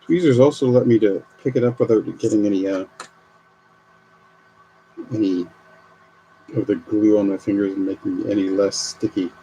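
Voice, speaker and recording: A man's voice: lowish voice, fairly even intonation, normal speed, pauses often, dark tone, slight background noise, rough recording. A man live streaming as he builds a model kit, chatting and thinking aloud as he works. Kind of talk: casual live stream commentary.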